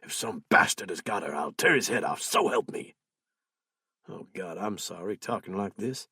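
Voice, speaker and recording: A man voicing a distraught male guardian of a missing girl, pleading and blaming himself, with a husky voice. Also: low-pitched, lively intonation, normal speed, pushed and bright, no room sound, studio quality, voice pushed down, exaggerated voice. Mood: anguished. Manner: anguished, self-blaming, pleading.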